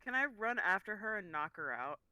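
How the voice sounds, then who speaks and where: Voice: medium pitch, very animated, brisk, bright, forceful tone. A player in a tabletop game, talking casually and eagerly about their character's moves.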